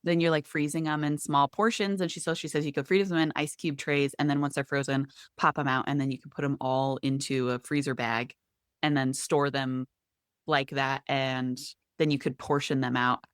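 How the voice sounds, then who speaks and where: A woman's voice: a bass voice, steady tone, moderate pace, smooth, dry recording, studio quality. A woman co-hosting a podcast in a casual, chatty way, walking through tips step by step and poking fun at her own slips. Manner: chatty, self-deprecating, explains things step by step. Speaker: podcast co-host.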